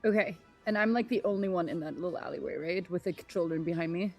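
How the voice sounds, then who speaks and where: A woman playing her character in a tabletop game, talking in halting, stammering bursts. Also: on the low side, a little mellow, soft background music. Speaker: player.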